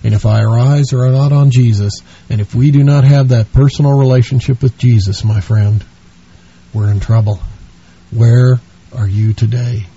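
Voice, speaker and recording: Husky earnest preacher man. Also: medium pitch, fairly even intonation, normal speed, warm tone. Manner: earnest, pleading, addresses listener as friend. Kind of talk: sermon. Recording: dull dry lo-fi recording.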